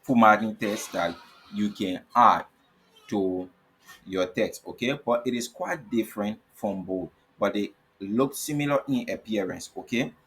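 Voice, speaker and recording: A man's voice: on the low side, unhurried, fairly bright tone, breathy edge. A man teaching a coding lesson over his screen. He spells out tag names letter by letter, repeats himself and keeps asking "okay?". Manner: repetitive, checks in with frequent "okay?". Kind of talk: screen-recorded coding tutorial.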